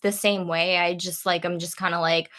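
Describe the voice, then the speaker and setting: A woman in her thirties hosting a casual livestream, relaxed and rambling with many fillers. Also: fairly low pitch, moderate pace. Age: 30s. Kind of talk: casual chat.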